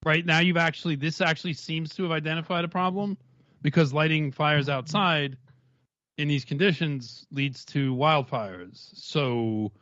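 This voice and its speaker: A man's voice: fairly high pitch, measured pace, fairly bright tone, no echo. A man with a slightly raised voice rambles through casual stream commentary, restarting his thoughts often. His voice sounds muffled and close, with no room around it. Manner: rambling, discursive, many restarts.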